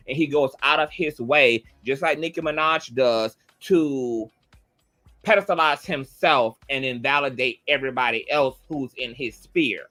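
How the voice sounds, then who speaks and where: A man's voice: medium pitch, a bit bright. A man giving a heated, blunt commentary monologue, swearing freely and repeating his points for emphasis. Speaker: online commentator.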